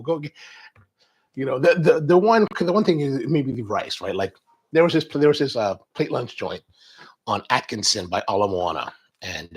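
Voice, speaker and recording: Gravelly, husky man rambling casually. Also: medium pitch. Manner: rambling, tangential, many restarts. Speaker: coffee show host. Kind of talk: casual chat.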